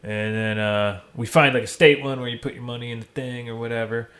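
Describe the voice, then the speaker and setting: An easygoing man chatting on a podcast, a middle-of-the-road voice neither high nor low. He rambles through stories, swearing freely and acting out what people said. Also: steady tone, fairly quick, a bit bright. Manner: rambling profane storyteller. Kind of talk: casual podcast chat.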